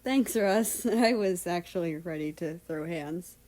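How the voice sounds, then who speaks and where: A woman's voice: lowish voice, a little slow, mellow, lightly acted. A woman voicing a playful, cocky young male prince in a storybook reading. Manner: cocky, teasing.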